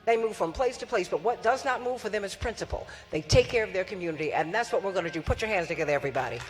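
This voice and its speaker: A woman's voice: mid-range voice, lively intonation, very fast, faint music behind. Rousing woman hosting in a reverberant hall. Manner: rousing, repeats phrases, calls for applause. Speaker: forum host and radio host. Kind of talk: energetic stage hosting to a live audience.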